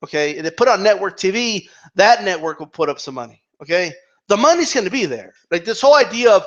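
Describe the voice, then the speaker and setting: A man with a high voice and big pitch swings talks fast through a ranting vlog about boxing. He swears, picks fights with imagined fans and stumbles over repeated words. The sound is dull and lo-fi.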